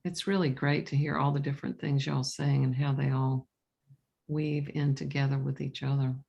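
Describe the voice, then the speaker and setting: A woman leading a meditation group in a soft, encouraging way. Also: a bass voice, flat delivery, normal speed, gravelly, breathy edge, dull audio. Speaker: meditation teacher. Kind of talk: casual group discussion.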